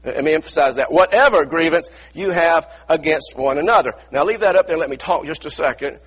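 A middle-aged pastor preaching a sermon in a church, earnest and repetitive, stumbling over restarts and firing rhetorical questions. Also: male voice, on the high side, brisk, slightly rough, highs cut off.

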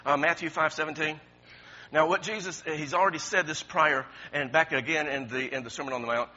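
A man preaching with a high, bright, husky voice, building from low, quiet asides to loud, repeated calls. The recording is dull and lo-fi. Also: steady tone, a little fast. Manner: swings from quiet talk to shouting, repeats words. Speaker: pastor. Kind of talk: sermon.

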